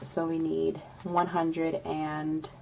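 A woman with a fairly low voice runs a casual budgeting vlog, murmuring numbers as she counts bills. Now and then she breaks into high, excited squeals. Traffic and passing bikes are clearly audible behind her. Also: slow pace, rough recording. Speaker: budgeting vlogger. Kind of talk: casual cash-stuffing vlog, counting money aloud. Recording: home recording with street noise behind. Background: passing bikes and street noise.

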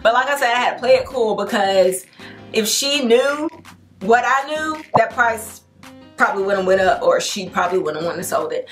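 Young adult woman, home decor vlogger, excited, chatty, slangy, mid-pitched voice, faint background music. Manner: excited, chatty and slangy, addresses viewers as y'all. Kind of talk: casual vlog storytelling to camera.

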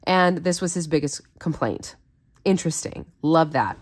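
A woman's voice: low voice, animated, normal speed, husky. A woman who hosts a Bible study, reading scripture aloud and explaining it in an earnest, conversational way.

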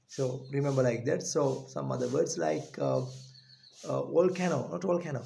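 A man with a Sri Lankan English accent teaching a pronunciation lesson, repeating each word slowly and deliberately. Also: mid-range voice, gravelly, dark tone.

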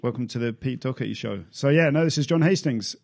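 A man's voice: medium pitch, fast, gravelly, darkish tone. A man hosting a podcast, teasing his guest with dry, casual banter. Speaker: podcast host.

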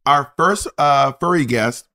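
A man co-hosting a podcast in a casual chat, animated and teasing, full of jokes. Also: mid-range voice, measured pace, slight background noise. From rural area. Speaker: podcast co-host.

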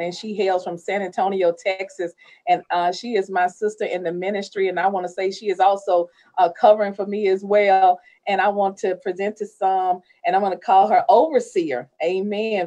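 A woman's voice: mid-range voice, warm tone, lo-fi sound. A woman hosting a ministry talk show, effusive and preachy, introducing guests with frequent amens. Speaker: host.

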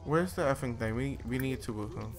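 A young man hosting a let's play, giving casual and excitable commentary as he bosses his game characters around with mild swearing. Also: mid-range voice, fairly quick. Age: young adult.

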